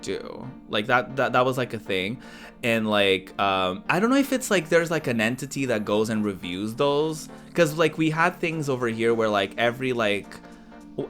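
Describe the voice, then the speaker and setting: A man casually chatting on a livestream, rambling with lots of filler words and animated storytelling. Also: medium pitch. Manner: animated storytelling, laughs often. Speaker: streamer.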